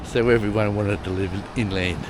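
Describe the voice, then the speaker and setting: An Australian man, fairly low-pitched and fairly even, speaks at normal speed as he narrates his casual coastal-walk travel vlog with wry, friendly asides. The outdoor street recording is noisy with traffic and ambience.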